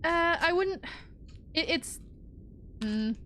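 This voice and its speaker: A woman's voice: very high voice, animated, takes it slowly, sharp tone, a little hiss or hum. A young woman streaming a game, talking casually and animatedly, swearing often and sounding exasperated. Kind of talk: casual gameplay commentary.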